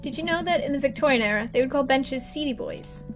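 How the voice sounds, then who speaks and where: A woman doing a slow, mannered goth dad. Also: high-pitched. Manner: slow, quiet, mannered and formal. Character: soft-spoken gothic man, Victorian-minded dad. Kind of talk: let's play voice acting. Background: game music.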